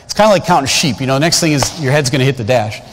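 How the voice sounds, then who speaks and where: A man's voice: mid-range voice, lively intonation, very fast, slight background noise. A man in his fifties preaching a storytelling sermon, folksy and conversational, with frequent asides to the congregation. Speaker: guest preacher. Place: large church sanctuary. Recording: long church hall reverb.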